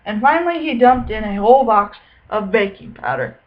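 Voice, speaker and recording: A young woman student teacher reading a picture book aloud, then giving clear teacherly instructions for writing time. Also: fairly high pitch, animated, moderate pace, highs cut off.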